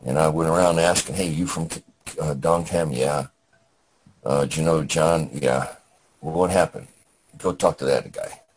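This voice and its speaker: An older man with an extremely deep, husky voice recounts his wartime memories. He speaks plainly and haltingly, often restarting a sentence before he finds his way through the story. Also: poor audio. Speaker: veteran guest.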